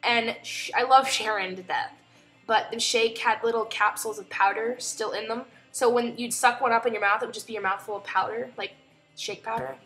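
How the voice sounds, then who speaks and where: A young woman talks into a webcam at home, retelling her day in a chatty way and slipping into other people's voices. Her voice sits a bit high. Faint music plays in the background. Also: steady tone, fairly quick, bright, forceful tone. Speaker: vlogger. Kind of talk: casual storytelling vlog.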